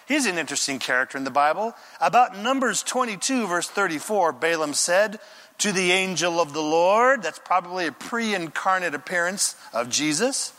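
A male pastor delivering a lively sermon in a casual, conversational way and putting questions to his listeners. His voice sits high and sounds bright and crisp. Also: normal speed.

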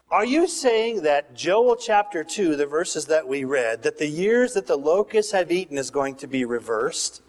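A man preaching a sermon as pastor, animated, swinging between loud bursts and hushed asides. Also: high-pitched. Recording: reverberant hall.

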